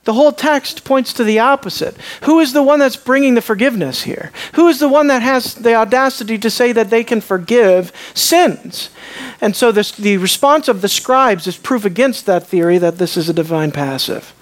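With a medium-pitched voice, a preacher moves through his sermon by turns hushed and slow, then loud and emphatic, asking his audience rhetorical questions along the way.

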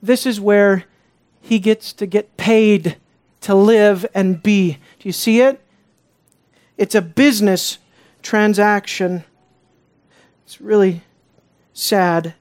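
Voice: medium pitch, slow pace, pauses often, a little mellow. A Bible teacher giving an expository sermon in a conversational way, often turning to the listeners with rhetorical questions.

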